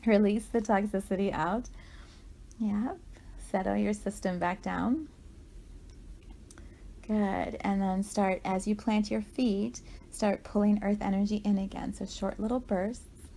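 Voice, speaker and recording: A woman guiding a walking meditation, talking gently and conversationally with frequent asides to the listener. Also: mid-range voice, fairly even intonation, unhurried, vocal fry. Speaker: meditation guide.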